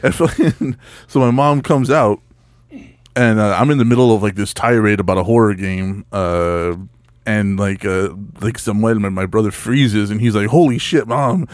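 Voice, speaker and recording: A man's voice: lowish voice, fairly even intonation, moderate pace, no room sound, studio quality. A man casually telling a profane story on a podcast, repeating himself and acting out quotes. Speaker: podcast co-host.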